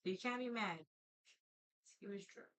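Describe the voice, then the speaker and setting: A woman's voice: mid-range voice, unhurried, fairly bright tone, rough recording. A young adult woman chatting casually on a livestream, blunt and impatient, swearing freely as she talks to her viewers.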